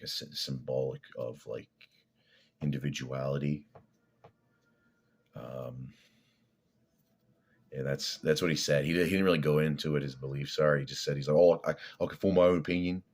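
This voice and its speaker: A man's voice: a bass voice, steady tone, moderate pace, vocal fry, pauses often, husky. A man vlogging in a rambling, profane, blunt way, drifting from topic to topic. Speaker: fitness vlogger. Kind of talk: rambling casual monologue.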